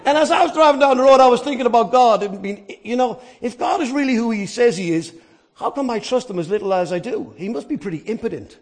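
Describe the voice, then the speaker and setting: Male preacher, very high voice, dynamic delivery, quiet to shouting, rhetorical questions. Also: expressive, fast. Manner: asks and answers his own questions. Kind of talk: sermon.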